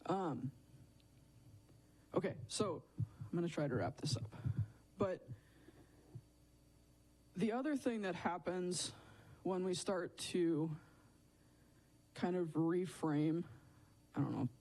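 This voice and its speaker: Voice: mid-range voice, animated, slow, pauses often, mellow, rough recording. A speaker giving a sermon at a church service in a candid, conversational way, often tagging thoughts with "right?" and "like". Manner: conversational, frequent "right?" and "like" tags; self-deprecating, candid.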